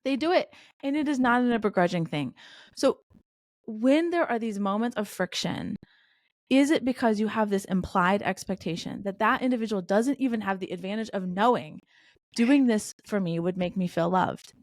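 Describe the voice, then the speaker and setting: A middle-aged woman speaks candidly as a podcast guest, telling a personal story with quoted back-and-forth. Her pitch sits in an ordinary middle range. The sound is close and dry with no room around it. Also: normal speed, dry recording. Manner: candid, animated anecdotes with quoted dialogue. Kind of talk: conversational interview storytelling.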